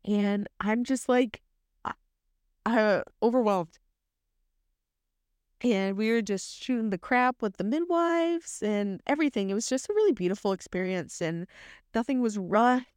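A woman's voice: mid-range voice, a little slow, pauses often, a little mellow, clear, resonant tone, no echo, clean studio sound. A young woman telling a story in a casual, candid way, chatty, full of ums and likes. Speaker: podcast host.

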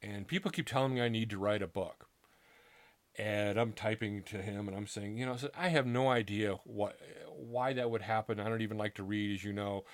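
A middle-aged man earnestly recounting a personal story in a casual, halting way, acting out what people said to him. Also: fairly low pitch. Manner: earnest, halting, with restarts and acted-out quotes. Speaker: author telling his story.

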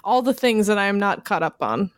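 A woman co-hosting a podcast in casual chat, soft-spoken and quick to apologize. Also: medium pitch, expressive, dry recording, clean studio sound. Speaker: podcast co-host.

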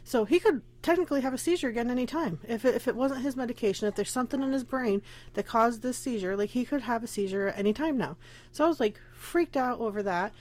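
A woman's voice: fairly high pitch, fast talker, few pauses, darkish tone. A young adult woman hosting her own podcast, talking candidly and rambling, pregnant and emotional, close to tears, with nervous laughs. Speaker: podcast host. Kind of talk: casual personal podcast.

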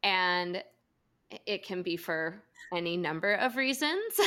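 A woman's voice: lowish voice, big pitch swings, unhurried, bright, forceful tone, clean tone. A woman in her thirties co-hosting a casual podcast, chatty and giggly, with rambling asides. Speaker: podcast co-host. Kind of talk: casual chat.

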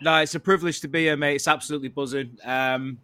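A man appearing as a podcast guest, animated and jokey, with sudden dramatic flourishes. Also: a little high, fast talker, smooth, dry recording, studio quality. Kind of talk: casual banter.

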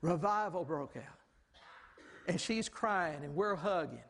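Animated pastor in a reverberant hall. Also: male voice, fairly high pitch, takes it slowly, creaky, a little hiss or hum. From Southern United States. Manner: animated, exclaims often, acts out quoted voices. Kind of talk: storytelling sermon.

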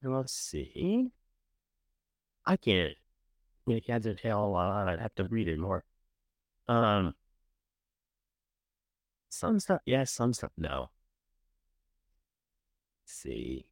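A man hosting a show, casually commenting as he reads through candidates, chatty and sarcastic, with loud bursts of enthusiasm and mumbled asides. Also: on the low side, very animated, very slow, pauses often, no echo. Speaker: show host reviewing candidates.

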